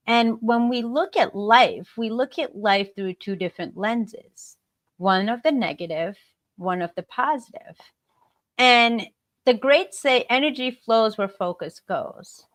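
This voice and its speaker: Brief: American woman guest speaker, animated, higher voice, dry video-call sound. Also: measured pace, dry recording. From United States. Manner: animated, acts out example remarks in varied tones. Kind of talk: motivational talk on a live stream.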